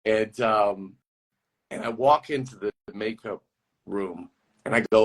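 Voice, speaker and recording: A man being interviewed as a guest actor over a video call, telling rambling, animated stories in a casual chat and laughing easily. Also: fairly low pitch, slow pace, pauses often.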